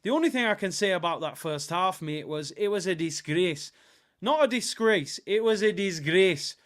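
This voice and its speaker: A man doing a fed-up Scottish football fan with a loud, raised voice that sits a little higher than usual. He speaks in a put-on Scottish accent and rants his way through his complaints. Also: animated, moderate pace. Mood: disgusted. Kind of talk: casual livestream watchalong.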